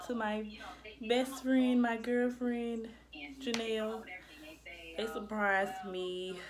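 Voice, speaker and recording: A young woman chatting casually to camera as a vlogger, rambling and restarting often, and slightly out of breath. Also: mid-range voice.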